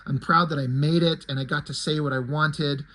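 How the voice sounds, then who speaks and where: A man's voice: on the high side, steady tone, normal speed, bright, forceful tone, low-quality recording. A man casually walking through the pages of his own fan comic, retelling it in a loose, rambling way with many self-corrections.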